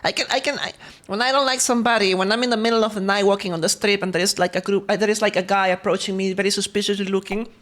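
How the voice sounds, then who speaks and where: A woman's voice: mid-range voice, fairly even intonation, racing, a bit bright. A woman streamer in casual livestream chat, talking while eating, laughing often and greeting her chat between stories.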